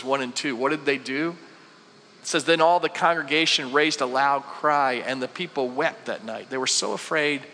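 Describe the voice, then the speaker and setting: A man in his forties preaches in a lively, conversational way, acting out the worried voices of ordinary people and asking his listeners questions. His voice is bright and sits a little high for a man. The sound carries a long hall reverb, as in a church sanctuary. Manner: conversational, acts out quoted voices, many rhetorical questions. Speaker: pastor. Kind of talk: sermon.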